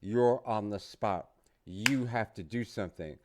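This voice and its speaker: A middle-aged man teaching English phrases to learners, repeating each phrase slowly and casually. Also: on the low side, background noise. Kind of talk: casual online English lesson.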